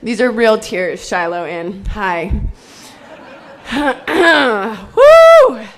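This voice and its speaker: A woman in her twenties giving an excitable, joking, self-deprecating speech to a live audience at a convention, rambling with fillers. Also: medium pitch, very slow. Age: 20s. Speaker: convention speaker.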